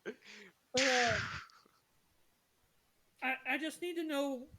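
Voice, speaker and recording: A woman's voice: high voice, slow, very noisy. A woman narrating a tabletop game session as game master, chatty and apologetic with many fillers.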